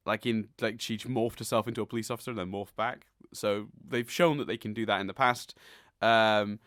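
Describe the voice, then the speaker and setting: A man's voice: fairly low pitch, steady tone, a little fast, a bit bright, dry recording, studio quality. A man hosting a casual podcast, recapping a cartoon episode in a chatty way and laughing often. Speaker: podcast host.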